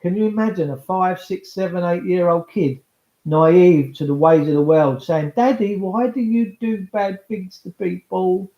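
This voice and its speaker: A man's voice: sits high, fairly even intonation, a little slow. A man, rambling chattily to viewers in a casual livestream monologue. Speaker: livestream host. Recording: roomy, slightly dull sound.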